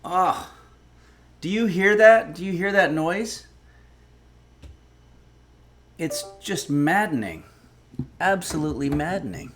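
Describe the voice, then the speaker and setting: A man's voice: fairly high pitch, animated, unhurried, fairly bright tone. A man hosting a casual cooking livestream, rambling and wry, swearing when irritated. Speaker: cooking stream host.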